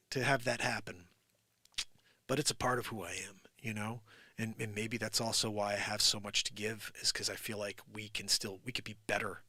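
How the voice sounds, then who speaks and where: Middle-aged male host, New Jersey accent, bright forceful tone, dry close sound, animated storyteller. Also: medium pitch, no echo. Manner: animated storytelling, acts out quoted voices, swings from loud to hushed. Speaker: live show host. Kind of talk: casual livestream monologue.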